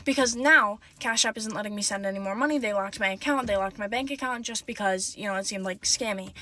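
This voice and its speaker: A woman's voice: fairly high pitch, a little fast, hardly any pauses, bright, forceful tone. A woman telling a casual storytime from inside a car, rambling and full of "like" and "you know.".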